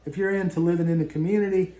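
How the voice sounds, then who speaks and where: A man in his fifties rambles through folksy stories on a casual vlog. His voice sits a little high yet sounds dark and mellow, and it echoes around the room. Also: fairly even intonation, rapid-fire. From southern West Virginia. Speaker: vlog co-host. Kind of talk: casual chat.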